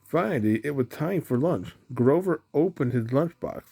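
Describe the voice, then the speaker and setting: Man reading a kids' book aloud, rough gravelly voice, dark and calm. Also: medium pitch. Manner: slow, even storytelling. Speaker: storybook reader.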